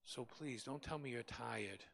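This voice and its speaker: A man's voice: mid-range voice, a little slow, creaky, a bit bright. A male pastor preaching a Bible study in a fervent, emphatic way, repeating phrases for stress.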